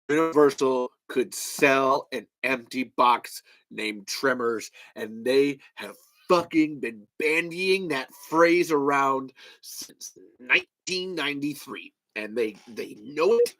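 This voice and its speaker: A man's voice: medium pitch, measured pace, a bit bright, low-quality recording. A man hosting a podcast in casual chat, rambling and swearing freely. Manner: rambling, profane. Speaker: podcast host.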